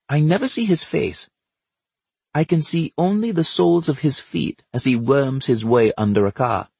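A man reading an audiobook aloud in a measured, wry storytelling manner. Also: on the low side, husky, dry recording. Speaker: narrator. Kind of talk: audiobook narration.

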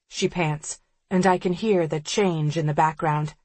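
A woman reading an audiobook in the first person, measured and tense. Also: low-pitched, steady tone, a little mellow, no room sound. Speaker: audiobook narrator.

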